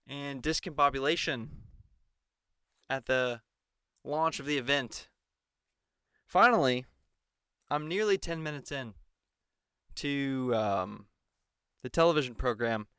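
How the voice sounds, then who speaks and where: Man, mocking commentator, slow drawl, smooth crisp voice. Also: fairly high pitch, pushed and bright, dry recording, studio quality. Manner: mocking, mimics the anchors in exaggerated voices. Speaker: political commentator. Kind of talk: sarcastic solo commentary.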